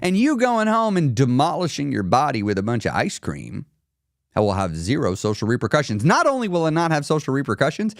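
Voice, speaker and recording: A man coaching on a live stream in a casual teaching style, animated, often laughing and acting out little voices. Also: medium pitch, fairly quick, dry recording, clean studio sound.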